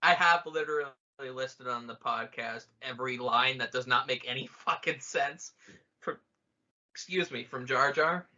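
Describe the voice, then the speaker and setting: A man's voice: medium pitch, moderate pace, pushed and bright, lo-fi sound. A man co-hosting a podcast, chatting casually and jokingly over a film, swearing often. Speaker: podcast co-host. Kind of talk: casual film commentary chat.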